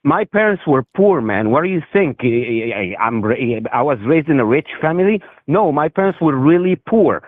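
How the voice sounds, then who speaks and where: A man calls in to a debate and argues his point in an insistent, argumentative way. His slightly high voice swings widely in pitch, and it comes through a tinny, dry phone line. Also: animated, normal speed, hardly any pauses, dry recording. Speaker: caller. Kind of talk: heated debate.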